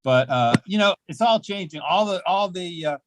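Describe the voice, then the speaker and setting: An older man doing a self-mocking stand-up set at an open mic, with deadpan delivery and halting fillers. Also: high-pitched, background noise. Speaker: stand-up comedian. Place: small comedy club.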